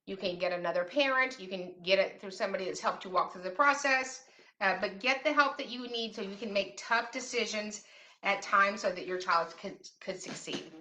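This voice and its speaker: This middle-aged woman talks at normal speed and medium pitch, her voice pushed and bright. Hosting a show on parents' rights as a special education advocate, she chats casually to camera with teasing, sarcastic asides.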